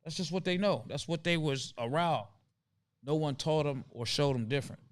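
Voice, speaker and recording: A man's voice: a little high, normal speed, no room sound. A man hosting a casual conversation, talking earnestly and emphatically and often repeating his points to drive them home. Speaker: host.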